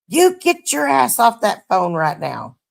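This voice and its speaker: A woman voicing her strict mother, nagging and bossy, in a gravelly voice. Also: mid-range voice, huge pitch swings, measured pace, voice pushed up, heavily acted. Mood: scolding.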